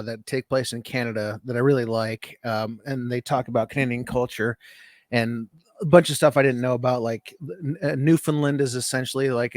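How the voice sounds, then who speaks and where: A man's voice: medium pitch, no echo, studio quality. A man co-hosting a podcast in casual chat, rambling and joking with frequent restarts. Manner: rambling and jokey, many restarts. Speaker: podcast co-host.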